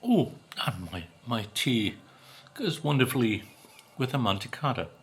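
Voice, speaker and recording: Slow, gravelly British man savoring cake. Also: medium pitch, sing-song, slight background noise. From Britain. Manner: slow, musing, savoring with hums between bites. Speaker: food vlogger. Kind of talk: casual food tasting vlog.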